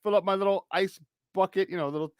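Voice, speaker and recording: A man with a high voice tells a story on a morning sports show, acting out each person he meets. He restarts sentences often and swears without a second thought. The sound is dry and close, with no room around him. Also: fast, clear, resonant tone, no echo. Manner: animated, acts out the people in his story; swears casually, many restarts. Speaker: sports talk show co-host.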